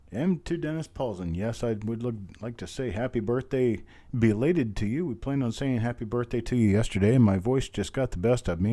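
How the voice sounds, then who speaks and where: A hoarse man, his voice still recovering, hosting a live online coin auction in a folksy, chatty way and calling out bids over and over. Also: lowish voice, warm tone. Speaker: auctioneer host.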